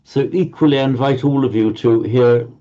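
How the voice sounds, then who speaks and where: A man's voice: medium pitch, normal speed, dark tone. A man teaching Pali pronunciation to a group class, patiently correcting students and often repeating words while he searches for the next one. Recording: dull lo-fi audio.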